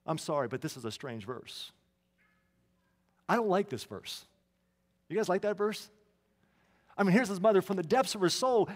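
In a church hall full of long reverb, a high-voiced pastor delivers his sermon. His intonation is lively and his pace moderate, and he addresses the congregation conversationally, with asides and restarts along the way.

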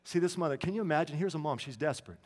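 A high-pitched man preaching a sermon, talking to the congregation conversationally with asides and restarts. His voice carries a long reverb through a church hall. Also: expressive, racing, a little mellow. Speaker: pastor.

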